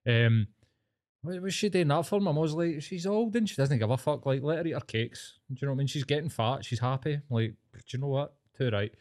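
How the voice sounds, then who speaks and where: A Glaswegian Scottish man in his forties co-hosts a relaxed comedy podcast. He tells family stories with salty language and lively impressions of his relatives. His talk is casual and animated. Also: fairly high pitch, fairly quick. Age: 40s. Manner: sweary, animated storyteller who acts out relatives' lines. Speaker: podcast co-host.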